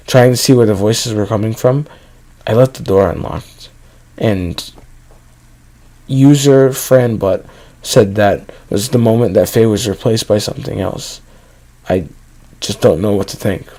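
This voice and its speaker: A man narrating a first-person horror story at a steady reading pace. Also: lowish voice, low-quality recording.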